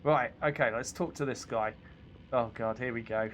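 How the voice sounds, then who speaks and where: A man's voice: mid-range voice, normal speed, slight background noise. A British man hosting a game stream, giggly and self-mocking as he comments on the game. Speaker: streamer host. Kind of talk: gameplay commentary.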